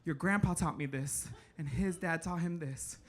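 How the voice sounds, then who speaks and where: A man doing his hushed confiding dad. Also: a little high, normal speed, pitched below the performer's own voice, close to an everyday voice. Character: gruff proud Latino dad, older man. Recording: live club with audible crowd.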